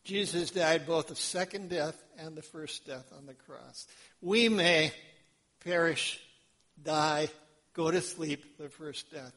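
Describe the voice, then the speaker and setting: A man preaching a sermon as pastor, in a slow, dramatic delivery that swings between hushed lines and loud ones. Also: fairly high pitch.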